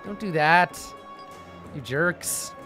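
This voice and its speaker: A man commentating a let's play, reading the game's text aloud and reacting with profane, animated asides. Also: fairly high pitch, extremely slow, over music. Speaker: host.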